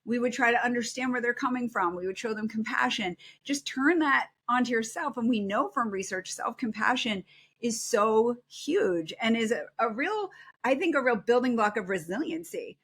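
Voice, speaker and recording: A middle-aged woman psychologist giving earnest, animated advice as a guest in a podcast interview. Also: on the high side, moderate pace, husky. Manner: earnest, animated, acts out quoted self-talk.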